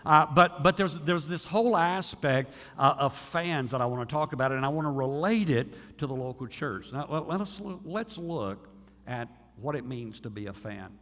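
A man's voice: on the high side, moderate pace, a bit bright. Pastor guy preaching, chatty and folksy, lots of restarts, big hall echo. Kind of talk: sermon. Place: church sanctuary. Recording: long hall reverb.

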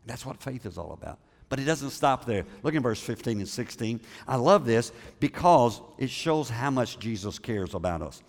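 Man preaching, conversational sermon, repeats words, questions the congregation, medium pitch, long church reverb. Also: lively intonation, normal speed. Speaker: pastor.

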